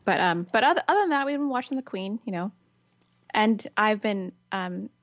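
A woman co-hosting a podcast chats casually and talkatively, laughing often and repeatedly gushing "it's fantastic." Her medium-pitched voice is expressive with a moderate pace, and the sound is dull, lo-fi, and dry.

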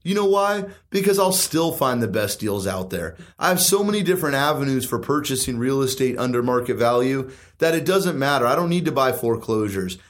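A man's voice: medium pitch, animated, a little fast, hardly any pauses. A confident man who invests in and teaches real estate, talking in an emphatic, persuasive way with rhetorical questions. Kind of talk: casual chat.

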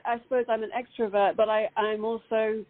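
A woman's voice: a little high, fairly quick. A British woman, an actress, chatting animatedly in an interview, with frequent restarts. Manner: animated, laughing, many restarts. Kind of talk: casual interview chat. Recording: phone-like call audio.

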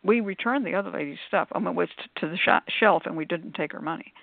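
Gravelly woman telling a story on a phone line. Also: on the low side, quick pace, no echo. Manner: animated, acts out quotes, talks with many fillers. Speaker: shop worker on a call-in show panel. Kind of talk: casual storytelling.

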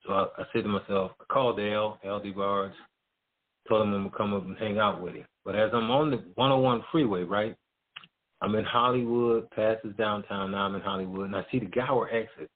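A man's voice: lowish voice, steady tone, brisk. A middle-aged man, a music promoter, telling a story as a guest in loose, slangy casual talk. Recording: tinny phone-like line.

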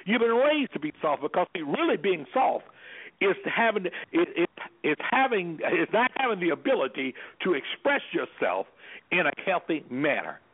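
A man's voice: high voice, very animated, normal speed, husky. A man speaking as an anger management specialist on a radio talk show, talking emphatically in a preacher-like way. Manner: emphatic, preacher-like, repeats "guess what". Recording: phone-line radio sound.

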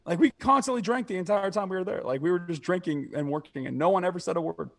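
Here a young podcast co-host spins stories in relaxed talk, laughing and swearing as he imitates what other people said. He speaks fast in a high voice with some vocal fry.

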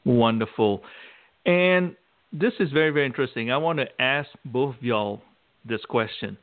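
A man's voice: mid-range voice, moderate pace. A man hosting an interview, encouraging and affirming his guests. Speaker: host. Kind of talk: interview host. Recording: phone line.

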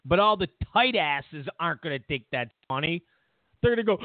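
A man's voice: on the high side, big pitch swings, normal speed, no room sound. A man hosting his own show, ranting in a casual, sarcastic and mocking way about the news. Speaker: show host. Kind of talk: casual political commentary rant. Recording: tinny phone-like line, dry.

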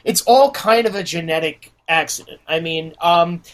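A blunt American man from New Jersey hosts a casual talk show. He tells profane anecdotes and acts out the people in them with lively quoted voices. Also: on the high side, moderate pace. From New Jersey, USA. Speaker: podcast host. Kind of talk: casual chat.

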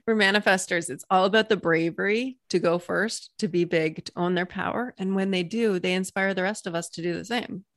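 A woman's voice: on the low side, steady tone, a little fast, few pauses, dry recording, clean studio sound. A woman coach appearing as a guest in an interview, explaining her ideas in an enthusiastic way with vivid examples and little stories. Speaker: Human Design coach, guest.

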